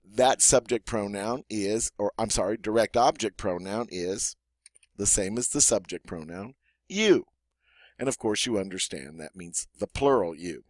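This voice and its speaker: A man with a Southern American accent teaching a grammar lesson in an encouraging way, stretching out the example words slowly. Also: fairly low pitch, no room sound. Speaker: French teacher. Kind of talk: classroom-style grammar lesson.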